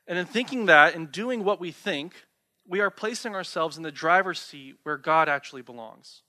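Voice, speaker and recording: A man's voice: fairly high pitch, normal speed, sharp tone. A young man preaching a sermon, talking conversationally and asking the listeners rhetorical questions. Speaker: pastor.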